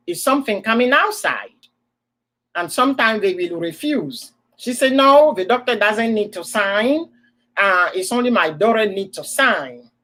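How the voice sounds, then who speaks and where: A woman's voice: mid-range voice, a bit bright, poor audio. A woman with an African accent, telling a personal story as a host in a casual chat, repeating words for emphasis.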